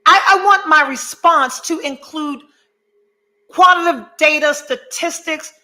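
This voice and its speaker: A high, bright-toned woman in middle age hosts a podcast in a candid motivational monologue. She talks bluntly and swears freely, hammers her points with emphasis and wanders into asides before coming back to the point. Her voice stays light and ringing throughout. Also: measured pace, poor audio. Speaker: podcast host.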